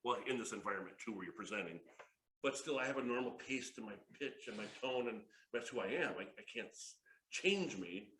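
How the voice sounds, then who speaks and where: A man in his fifties leads a sales workshop in a bright, forward voice that swings widely in pitch. He tells stories with excitable, joking energy and laughs often, and the room adds a noticeable echo. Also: brisk, a little hiss or hum. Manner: excitable, jokey storyteller who laughs often. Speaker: workshop presenter. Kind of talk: lively workshop talk with stories. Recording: echoey room.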